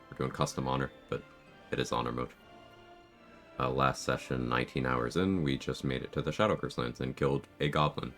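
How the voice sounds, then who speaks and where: A man streaming a game live, chatting casually with viewers in a groggy morning voice. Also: a bass voice. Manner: laid-back, greets and answers chat.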